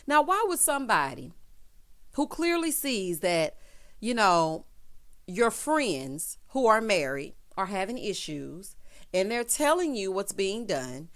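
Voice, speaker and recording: A woman's voice: mid-range voice, very animated, slow, a bit bright. A woman recapping a reality show in a chatty, sassy way, full of quips like "child" and "honey". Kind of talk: casual opinionated show recap.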